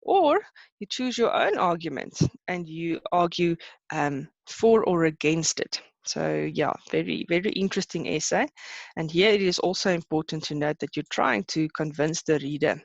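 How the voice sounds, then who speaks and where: A teacher leads a live online lesson, explaining patiently and often pausing to think aloud. The voice sits in a middle range. The recording sounds dull and lo-fi, with a dry, close sound. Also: mid-range voice, animated, gravelly, no room sound. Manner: explains patiently, switching between English and Afrikaans terms then translating; thinks aloud with frequent fillers and restarts.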